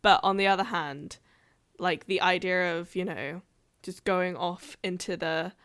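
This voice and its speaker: A woman's voice: fairly low pitch, steady tone, a little slow, fairly bright tone, clean tone. A woman on a podcast chatting and joking, breaking into laughter often. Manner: giggly, jokey, laughs often. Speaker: podcast cast member. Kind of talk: casual podcast chat.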